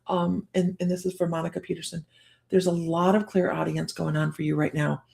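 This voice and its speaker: A middle-aged woman with a hoarse voice, hosting a casual live-streamed psychic reading in a chatty, rambling way full of fillers and restarts. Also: on the low side, flat delivery, brisk, darkish tone. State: hoarse from a cold.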